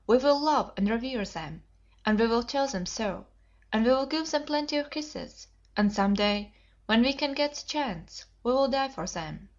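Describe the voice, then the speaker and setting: A woman's voice: on the high side, moderate pace, natural voice. A woman voicing an eager young boy. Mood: confident. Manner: excited, pleading. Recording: dull lo-fi audiobook recording.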